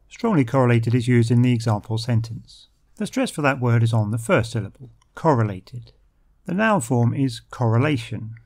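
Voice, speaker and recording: A man gives a vocabulary lesson. His voice sits at a middle pitch. He explains each term clearly and methodically, with the occasional dry joke. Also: a little mellow. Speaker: English vocabulary teacher.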